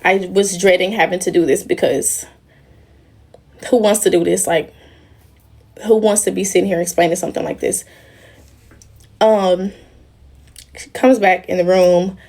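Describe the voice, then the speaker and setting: A woman's voice: fairly low pitch, fairly even intonation, measured pace, pauses often, darkish tone. A young woman on a casual livestream, talking emotionally and in a rambling way straight to her viewers. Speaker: livestream host.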